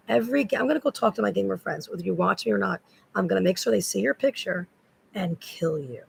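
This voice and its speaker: A woman's voice: medium pitch, a little fast, creaky, a little hiss or hum, poor audio. A woman in a rambling, agitated spoken monologue that loops back on the same words.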